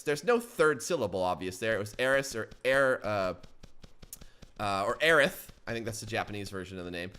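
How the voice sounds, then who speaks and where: A man's voice: medium pitch, bright, forceful tone. A man hosting a gaming channel, giving joking let's play commentary and often yelping in surprise.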